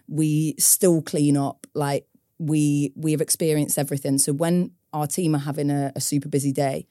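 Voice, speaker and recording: A woman, a business co-founder, talking thoughtfully in a casual interview, pausing to find her words. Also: low-pitched, mellow, no room sound, clean studio sound. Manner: thoughtful, searching for words, tag questions.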